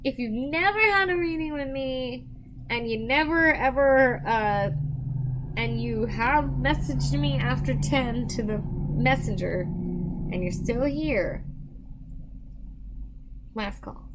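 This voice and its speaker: A woman's voice: high voice, expressive, slow, long pauses, very noisy. A tired woman doing psychic readings on a live stream, chatting casually with viewers and rambling with many restarts. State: tired, yawning.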